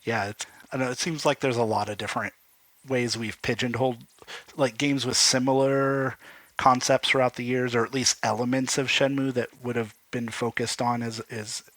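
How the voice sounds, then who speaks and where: A man's voice: mid-range voice, flat delivery, normal speed, fairly bright tone, no room sound, low-quality recording. A man hosting a podcast, asking long, thoughtful questions in a casual chat. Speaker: podcast host.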